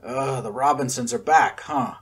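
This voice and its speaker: A man's voice: medium pitch, unhurried, slightly rough. A man voicing a grumbling, sarcastic old former officer in a storybook. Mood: grumpy.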